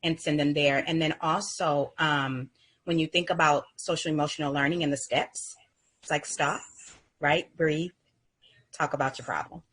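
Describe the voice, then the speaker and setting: A woman, a first grade teacher, calmly explaining classroom calming routines as an interview guest. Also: deep voice, normal speed, husky, rough recording. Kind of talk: casual interview advice.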